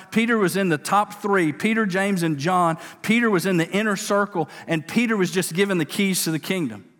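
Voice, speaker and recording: A man preaching a sermon in an energetic, conversational way, with quick asides and stammered restarts. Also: sits high. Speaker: pastor. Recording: long hall reverb.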